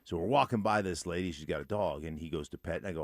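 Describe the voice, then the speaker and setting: Older man with a very low voice, chatty storyteller on sports radio, dry close mic. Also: quick pace, dry recording. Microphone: studio microphone.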